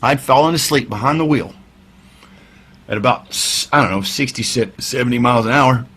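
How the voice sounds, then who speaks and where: A man, a veteran musician telling his story in a casual interview, candid and wry, swearing freely and dropping into quiet asides. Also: medium pitch, brisk, breathy edge. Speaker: podcast guest, veteran musician.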